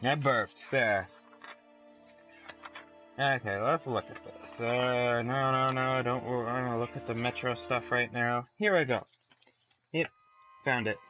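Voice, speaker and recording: A man's voice: medium pitch, measured pace, long pauses, sharp tone, soft background music, rough recording. A man hosting a let's play, commenting casually in a profane, rambling way and reading aloud from a magazine.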